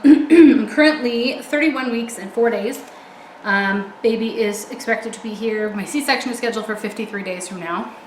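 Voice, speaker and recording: A young woman talks casually to her camera, a little out of breath and full of ums and likes. The room around her rings with echo, and a faint hiss sits under her voice. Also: mid-range voice. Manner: chatty, rambling, many ums and likes. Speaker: vlogger.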